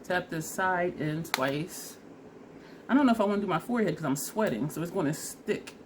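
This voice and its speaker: With a lowish voice, animated delivery and normal pace, this beauty vlogger walks through trying on makeup step by step. She's chatty, self-mocking with laughter, and sniffly and teary from allergies. A little hiss or hum is audible.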